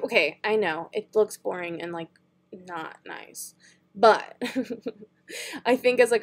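A young woman beauty vlogger chatting casually and thinking aloud while she browses makeup online, with frequent giggles. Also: mid-range voice. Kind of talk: casual online shopping chat.

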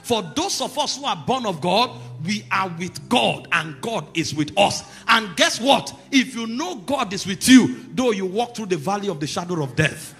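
This sermon comes at a moderate pace with few pauses, from a man whose husky, bright voice swings up and down. Soft music accompanies him as he goes from calm teaching to emphatic, loud declarations.

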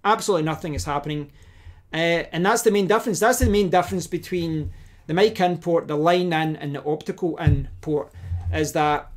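A man's voice: fairly high pitch, a little fast. A man hosting a casual tech tutorial, talking through a hands-on demonstration at his home desk, restarting sentences as he works the gear. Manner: talks while demonstrating gear, thinking aloud with restarts. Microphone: desk microphone, switching between mics.

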